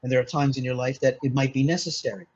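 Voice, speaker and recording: A man's voice: medium pitch, fairly even intonation, fast, a little mellow, husky, muffled recording. A man from Malta, a mindset consultant, explaining earnestly in a casual interview, often restarting and saying "you know". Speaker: mindset consultant, podcast guest.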